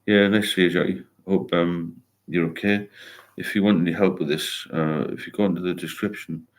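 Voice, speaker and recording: Older bloke, really low voice, rambly live chat, reads out comments and encourages folks. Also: male voice, steady tone, a little fast. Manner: rambling, reads viewer comments aloud and answers them warmly. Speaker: host of a sobriety livestream.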